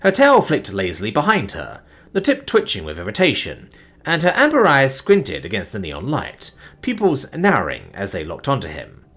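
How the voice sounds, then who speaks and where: A man with a low, husky voice reads an audiobook story aloud. His pitch swings widely and expressively from line to line. The delivery is steady narration. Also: moderate pace.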